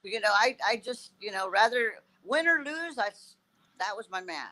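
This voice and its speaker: Halting woman guest, bright voice. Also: medium pitch, lively intonation, low-quality recording. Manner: halting, fills every pause with "you know". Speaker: podcast guest. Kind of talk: casual podcast chat.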